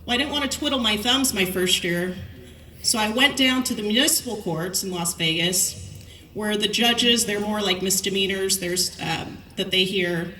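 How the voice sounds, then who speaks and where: A middle-aged woman giving a commencement speech, telling lively anecdotes and acting out the lines of people in her stories. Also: medium pitch, normal speed, a little hiss or hum. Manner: storytelling, lively anecdotes with quoted dialogue. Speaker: commencement speaker. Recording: echoey hall, voice from far off.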